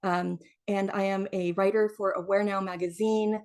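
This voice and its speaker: A woman who works as a leadership consultant and speaker. She talks excitedly and tells her story eagerly. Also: medium pitch, moderate pace. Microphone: video call.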